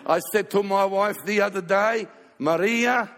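Man preaching, playful storyteller, high gravelly voice, long hall reverb. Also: steady tone, a bit bright. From Australia. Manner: storytelling, playful, quick asides. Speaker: pastor. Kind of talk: sermon with comic stories.

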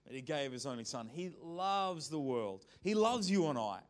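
A man's voice: mid-range voice, normal speed, hardly any pauses. A man preaching a sermon, telling a story in a conversational, joking way. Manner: conversational, lively storytelling with jokes.

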